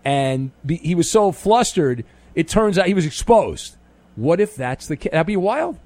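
A man hosting a call-in radio show, bantering with callers in a sarcastic, animated way. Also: a little high, measured pace, no echo. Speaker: radio host.

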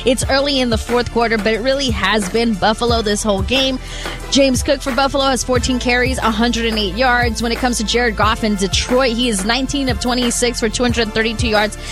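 A woman reading a sports news update, brisk and full of stats. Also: a little high, steady tone, music in the background. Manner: brisk stat-heavy delivery.

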